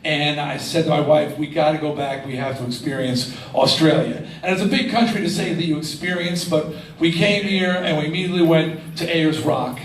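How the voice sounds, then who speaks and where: A man in his sixties telling stories on stage as a guest, animated and swearing freely, laughing as he talks. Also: a little high, brisk. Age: 60s. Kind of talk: profane live storytelling. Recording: echoey, distant live-room sound with faint noise.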